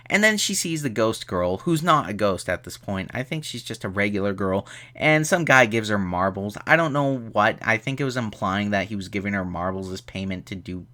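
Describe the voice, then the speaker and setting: A young man casually reviewing a movie, animated and exasperated, often jumping into high mocking voices.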